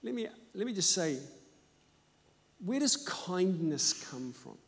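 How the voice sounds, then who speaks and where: A man preaching a sermon and telling personal stories, animated and emphatic, moving between loud and hushed. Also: high voice, slow, creaky. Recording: echoey hall.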